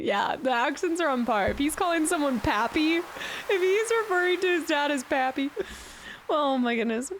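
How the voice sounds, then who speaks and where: A young woman live-streaming a video game, chatting casually and reacting with excitement. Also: sits high, moderate pace, slight background noise.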